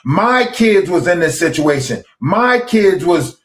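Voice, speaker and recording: A man's voice: high-pitched, very animated, slow. A grown man with children arguing angrily and swearing on a live panel, repeating himself and raising his voice. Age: adult with children. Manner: angry, profane, repetitive. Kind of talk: heated live panel argument.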